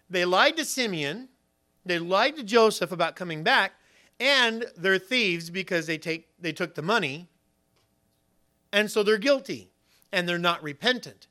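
Man, sermon, high bright voice, lively storytelling preacher. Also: a little slow.

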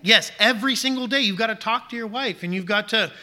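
High, piercing-voiced man preaching a sermon. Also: quick pace, bright, forceful tone. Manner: emphatic, exhorting with rhetorical questions. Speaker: pastor.

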